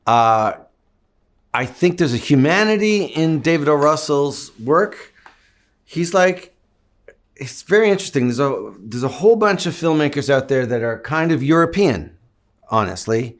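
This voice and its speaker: A man's voice: fairly high pitch, lively intonation, unhurried. Thoughtful middle-aged man from Canada. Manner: reflective, thoughtful, long winding answers. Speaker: actor guest. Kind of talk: interview answers.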